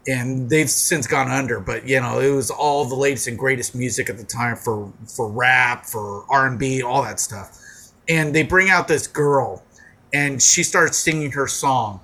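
A man casually telling a profane story on a talk show, acting out shouting crowds along the way. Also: medium pitch, a little slow. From moved to Arizona as an adult. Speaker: podcast co-host telling a story.

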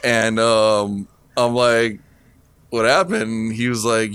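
A man's voice: lowish voice, slow pace, clean tone, no room sound. A man telling stories in casual podcast chat, swearing freely and acting out what people said. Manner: profane, animated storyteller acting out quotes.

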